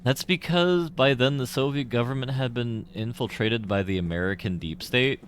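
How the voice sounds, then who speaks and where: A man's voice: medium pitch, moderate pace, a little hiss or hum. A young man streaming a game, rambling through casual commentary with profanity and tangents.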